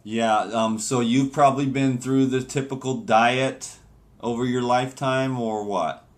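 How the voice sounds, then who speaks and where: A man's voice: mid-range voice, steady tone, a little slow. A man hosting a health call-in show, talking in a brash, teasing, salesman-like way. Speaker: host.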